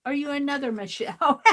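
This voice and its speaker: An older woman with a fairly high voice chats slowly and easily as she crafts on a livestream. She talks to herself about her work and answers her viewers, laughing often. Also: low-quality recording. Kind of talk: casual crafting chat while reading viewer comments.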